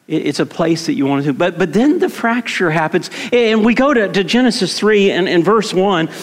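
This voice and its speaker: A man's voice: sits high, expressive, normal speed. A middle-aged man preaching a sermon in a conversational way, repeating words and asking his congregation questions. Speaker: pastor. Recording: long hall reverb.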